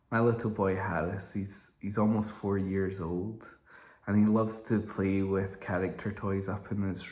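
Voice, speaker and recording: A man in his thirties, giving a calm devotional reflection in a slow, gentle way with small restarts. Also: low-pitched. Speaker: church member giving a devotional. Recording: roomy echo.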